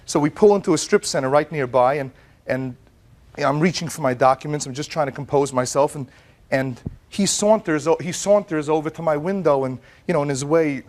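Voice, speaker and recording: A middle-aged man testifying as plaintiff in a courtroom, telling his story in an animated way, acting out what others said, often repeating words and restarting. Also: fairly high pitch, a little fast. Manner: animated storyteller, quotes others in lively voices.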